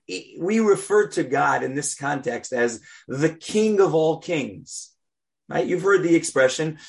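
Gravelly-voiced man teaching a prayer class. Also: a little high. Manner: deliberate, stresses key words. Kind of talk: religious class lecture.

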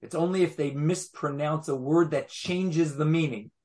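A man lecturing a study group at an easy pace. his voice sits a touch high, and he comes back to his points, restating them with small asides as he goes. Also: moderate pace, a little mellow. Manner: patient, repeats phrases, fond of asides. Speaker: Torah teacher. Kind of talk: explanatory class lecture.

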